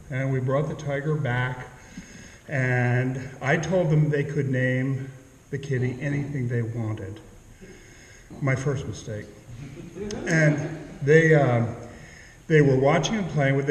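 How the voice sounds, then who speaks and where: Man telling a story in an echoey hall. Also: mid-range voice. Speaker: storyteller, local author. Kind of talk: humorous story told on stage. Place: town hall stage. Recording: echoey hall, distant mic.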